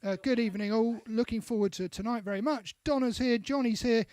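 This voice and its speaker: Male co-host, very high voice, chatty comment-reader, dry close mic. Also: steady tone, fairly quick, a little mellow, no room sound. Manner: chatty, reads out names with asides. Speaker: co-host reading viewer comments. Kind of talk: casual live-stream chat.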